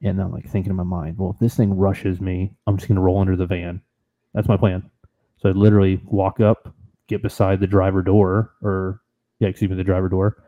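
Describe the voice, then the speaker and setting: A man co-hosting a podcast, telling a trip story in an animated, excitable, casual way. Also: low voice, a little fast, phone-quality sound. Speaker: podcast co-host.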